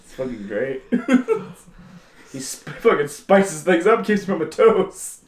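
A man's voice: a little high, sing-song, a little slow, reverberant. A young man in casual chat, telling crude work stories and acting out everyone's lines with lots of laughter. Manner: profane storyteller, acts out quotes, laughs a lot.

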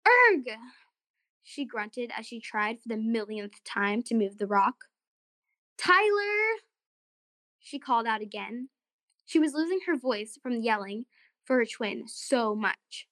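A woman narrating a children's story and hosting a short segment, in an expressive, friendly way. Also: on the high side, unhurried, no echo, clean studio sound.

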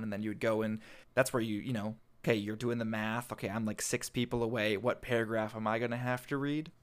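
A young man in casual conversation tells funny stories, laughing a lot and acting out quotes with animation. His voice is medium-pitched and clean.

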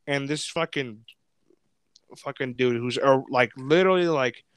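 Young man, smooth and clear, swearing casually. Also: mid-range voice, measured pace, dry recording. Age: 20s. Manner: rambling, swears often, many fillers. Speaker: podcast host. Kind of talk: casual storytelling chat.

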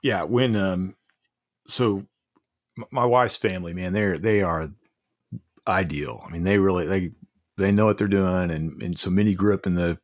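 A middle-aged man telling heartfelt stories as a podcast guest, halting and restarting often. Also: low voice. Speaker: podcast guest, leadership coach. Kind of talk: casual interview storytelling.

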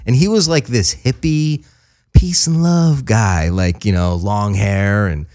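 A man's voice: fairly low pitch, moderate pace. A man in casual chat, telling a wild story with lots of swearing and acted-out quotes. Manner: animated, profane, acts out quotes in voices.

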